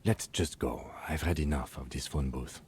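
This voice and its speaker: An actor voicing a reserved police lieutenant who speaks curtly and impatiently. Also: male voice, a bass voice, normal speed, background noise. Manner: curt, impatient.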